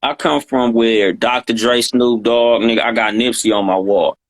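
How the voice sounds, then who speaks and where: A man's voice: medium pitch, steady tone, moderate pace, no room sound. A man from the West Coast talking casually and emphatically on a live stream. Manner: emphatic, profane, agrees often. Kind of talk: casual chat.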